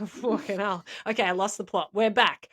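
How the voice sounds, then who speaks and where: A podcast co-host tells a story in a rambling, chatty way, laughing often during the casual conversation. She has a mid-range, fairly bright voice with fairly even intonation and a moderate pace.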